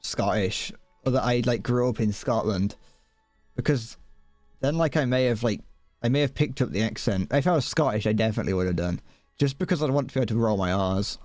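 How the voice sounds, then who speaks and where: Close to his desk microphone, a young British man chats casually while gaming on a live stream, rambling, poking fun at himself, and chuckling often. His mid-range voice moves briskly with a darkish tone. There's no room sound, just soft music in the background.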